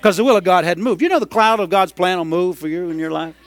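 A middle-aged man preaching a sermon, telling a story and rising into loud, excited hollering. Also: high-pitched, fast. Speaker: pastor.

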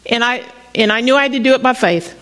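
Middle-aged woman preacher, higher pitched, talking through a personal story in a loose, stop-start sermon style. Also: fast, a bit bright, poor audio. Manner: conversational storytelling with frequent restarts. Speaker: pastor.

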